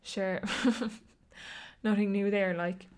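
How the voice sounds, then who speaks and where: A woman's voice: mid-range voice, steady tone, normal speed, a bit bright. A young woman with an Irish accent, hosting her own podcast in a chatty, rambling way and laughing often. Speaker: podcast host. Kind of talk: casual chat.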